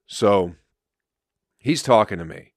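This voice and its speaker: A man's voice: lowish voice, animated, slow pace, no echo, studio quality. A man, a comedian and podcast host, telling a rambling, profane story in casual chat with frequent laughter.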